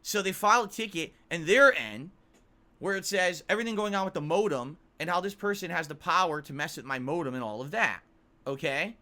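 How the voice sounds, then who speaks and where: A man's voice: a little high, expressive, a little fast, bright, forceful tone. A man streaming, exasperatedly retelling a long customer service ordeal. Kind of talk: venting story on a livestream.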